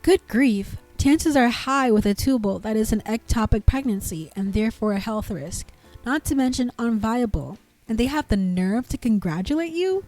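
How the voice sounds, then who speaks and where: Indignant woman narrator, dark mellow voice. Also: fairly high pitch, expressive, moderate pace, faint music behind. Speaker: narrator reading online posts. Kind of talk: scripted narration of forum comments.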